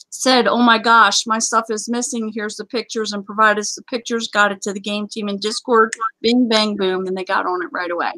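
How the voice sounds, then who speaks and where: A woman's voice: medium pitch, fairly bright tone, no echo, low-quality recording. A woman hosting a casual live game show, chatty and rambling, often apologizing. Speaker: livestream host.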